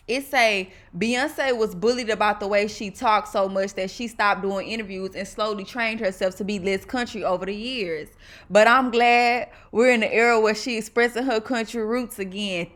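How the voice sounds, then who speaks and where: A woman with a Texas drawl hosts a reaction video, her voice sitting a little high. She talks straight to her viewers, sassy and emphatic. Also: a bit bright. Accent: Southern US, Texas. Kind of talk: casual reaction commentary.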